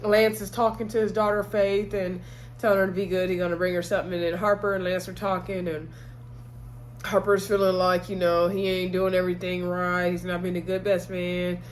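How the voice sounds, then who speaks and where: A woman's voice: lowish voice, level tone, brisk, slight background noise. A woman casually recapping a TV episode, chatty, with sassy exclamations and asides.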